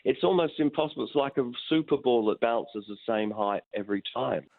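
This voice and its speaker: A man's voice: medium pitch, a little fast, vocal fry. Man on a tinny phone line. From Australia. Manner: frank, swears freely, rambling. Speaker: musician guest. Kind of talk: phone interview, candid storytelling.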